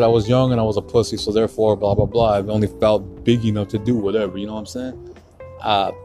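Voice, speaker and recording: A man's voice: lowish voice, a little mellow. A young man hosting a podcast, swearing hard and stumbling over his words as he talks through painful memories, close to tears. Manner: profane, emotional, getting choked up; heavy swearing, repeats himself. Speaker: podcast host. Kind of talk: solo podcast monologue.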